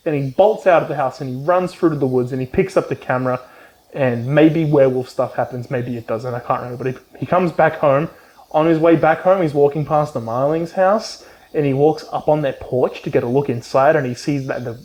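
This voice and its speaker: On a low-quality recording, a man with a high-leaning, darkish voice speaks fairly quickly as he reviews a book. His recap is casual and rambling, loaded with ums and swearing, and he acts out the characters' lines.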